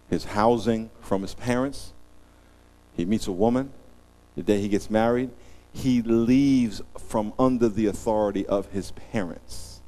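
A middle-aged man preaching a sermon as pastor, telling humorous stories and acting out scenes with big vocal swings. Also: on the low side. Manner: animated, joking storyteller who acts out scenes.

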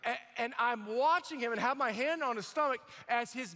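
A young man preaching a sermon, telling a personal testimony with animated storytelling, acting out voices and shouting at the high points. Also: normal speed, hardly any pauses, big-room sound.

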